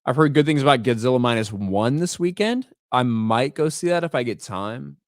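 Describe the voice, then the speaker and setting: A man's voice: medium pitch, expressive, normal speed, no room sound, studio quality. A male livestream host in casual commentary. He is blunt and profane, repeats words as he starts sentences, and reads chat names aloud. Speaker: host of a live stream.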